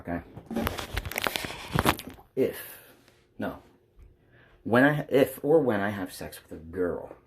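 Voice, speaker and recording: A young adult man vlogging candidly from home into a taped-up phone, rambling bluntly and swearing freely. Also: medium pitch. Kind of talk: candid confessional vlog. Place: at home by a couch. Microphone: phone taped in place.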